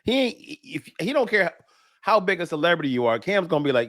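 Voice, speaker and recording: A man on a comedy talk radio show who laughs a lot and chimes in with quick agreement. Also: a little high, sing-song, fairly bright tone.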